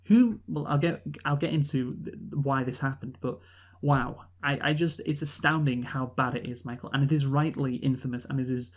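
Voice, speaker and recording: A man casually reviewing a film on a podcast, talking in an animated, exasperated way with lots of restarts and laughs. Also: mid-range voice, normal speed, hardly any pauses. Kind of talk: casual conversational movie review.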